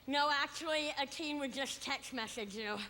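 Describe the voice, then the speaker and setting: A woman's voice: sits high, normal speed. A woman hosting a comedy show, introducing the next comic in a mocking, playful way. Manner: mocking, valley-girl filler. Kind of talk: stand-up introduction. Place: comedy club stage. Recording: echoey live venue with background noise.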